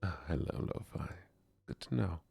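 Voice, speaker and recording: A man with a put-on German accent in a soft-spoken ASMR stream, greeting viewers and reading poetry in a hushed whisper. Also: low voice, lively intonation, normal speed, vocal fry, husky, no echo.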